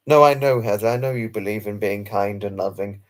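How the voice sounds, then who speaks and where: A man with a fairly low-pitched voice hosts a late-night live stream and answers messages from viewers. He speaks formally and earnestly, gushing, repeating himself and apologizing often.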